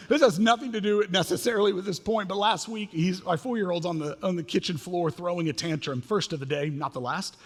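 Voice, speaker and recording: Pastor, man, 30s, slightly high and husky; animated, self-mocking sermon storyteller in a reverberant sanctuary. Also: brisk. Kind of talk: sermon with humorous family stories. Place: church sanctuary. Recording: long reverb of a church hall.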